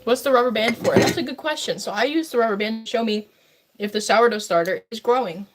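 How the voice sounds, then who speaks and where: A woman's voice: fairly high pitch, fast, heavy background noise. A woman livestreamer chatting casually with her viewers as she bakes, rambling and talking straight to her chat. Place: home kitchen.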